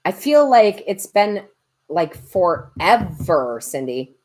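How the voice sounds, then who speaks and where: A woman's voice: fairly low pitch, big pitch swings, slow pace, darkish tone. A woman tarot reader and medium chatting on a livestream, joking and reading viewer comments aloud. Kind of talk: casual livestream chat.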